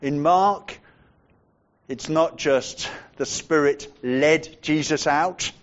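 A man preaching a sermon in a measured way, dropping to a hushed voice to stress points. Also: fairly high pitch, highs cut off.

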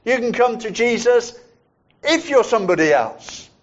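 A man preaching a sermon in a measured, reflective way, repeating phrases for emphasis. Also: very high voice, sing-song, lo-fi sound.

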